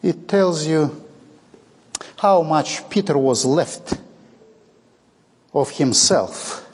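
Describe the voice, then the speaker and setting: Male preacher, dramatic sermon delivery, husky, big hall reverb. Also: on the high side, expressive, very slow, darkish tone. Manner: dramatic, acts out quoted dialogue.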